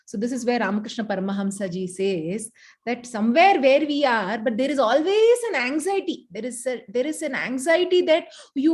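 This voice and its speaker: A woman's voice: on the high side, expressive. Indian English woman leading scripture study. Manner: halting, many fillers and restarts. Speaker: study group leader. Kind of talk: scripture study class storytelling. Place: home study group, Bangalore.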